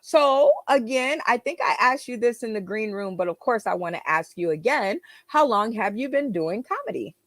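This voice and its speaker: A woman hosting a casual interview show, upbeat and quick to laugh, with some hesitant fillers, over a video call. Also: fairly high pitch, animated, dry recording. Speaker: talk show host.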